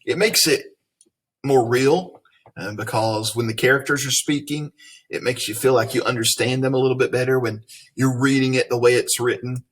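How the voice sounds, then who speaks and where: A man's voice: medium pitch, steady tone, moderate pace, a bit bright. A man from Tennessee with a Southern accent, teaching a reading lesson in a folksy way and asking leading questions. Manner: folksy, explains then asks leading questions.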